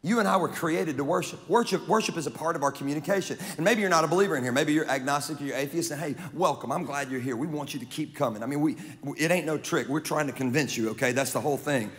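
A man from Louisiana preaching a sermon as pastor, animated and joking, with crowd banter. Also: a little high, fast talker, few pauses. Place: large church auditorium. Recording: long reverb of a large hall.

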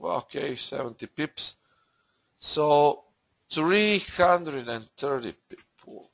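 A man hosting a live trading webinar, talking through charts in halting, unscripted full of fillers and restarts. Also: on the high side, animated, gravelly. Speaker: forex trading webinar host.

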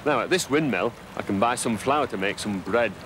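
A man presenting a children's TV show, talking gently and chattily as he explains things to children. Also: medium pitch, lively intonation, normal speed, background noise.

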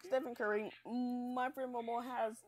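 A woman's voice: a little high, steady tone, a little slow. A young woman hosting a casual gameplay video, chatty, hyped and self-mocking after staying up all night. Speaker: gaming channel host.

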